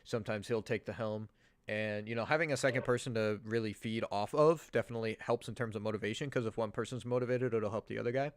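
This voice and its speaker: A man's voice: lowish voice, fairly even intonation, quick pace, no room sound. A man co-hosting a casual stream chat, encouraging and chiming in with thoughts. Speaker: stream co-host. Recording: noisy stream audio.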